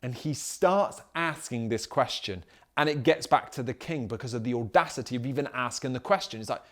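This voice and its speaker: A man's voice: medium pitch, fairly quick. A man preaching a sermon as pastor, emphatic and full of rhetorical questions.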